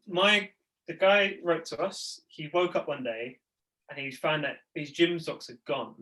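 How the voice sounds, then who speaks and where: A man's voice: fairly high pitch, measured pace, sharp tone, rough recording. A young man with a London accent, a podcast co-host telling a story in casual chat, full of fillers.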